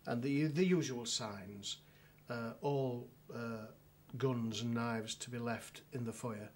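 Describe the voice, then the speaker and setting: A man's voice: medium pitch, fairly even intonation, slow pace, darkish tone, a little hiss or hum. A middle-aged man with a northern English accent, telling a dry anecdote as a solicitor in a documentary interview, with many restarts and fillers.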